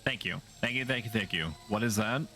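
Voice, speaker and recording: A man with a lowish, sharp voice talks fairly quickly while livestreaming a video game, with a little hiss or hum in the audio. He chats casually with viewers, rambling playfully and often making self-mocking jokes.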